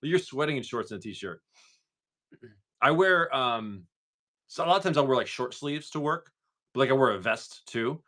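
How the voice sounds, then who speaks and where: A man's voice: medium pitch, expressive, moderate pace, long pauses, fairly bright tone. Male streamer from Massachusetts, easygoing and rambling, casual swearing, mid-range voice. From Massachusetts, USA. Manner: rambling and laid-back, swears casually, lots of "like" and "dude". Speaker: live-stream host. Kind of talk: casual live-stream chat.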